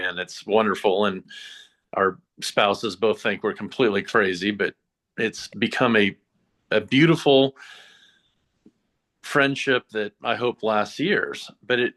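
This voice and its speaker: A man, a horse trainer and podcast guest, speaking earnestly and reflectively, with frequent pauses and fillers. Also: lowish voice, a bit bright. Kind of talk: casual interview chat.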